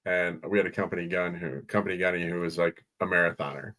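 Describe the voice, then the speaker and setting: A man's voice: deep voice, fairly even intonation, fast, sharp tone. A man in casual chat as a podcast co-host, telling a story in a dry, blunt way with salty slang.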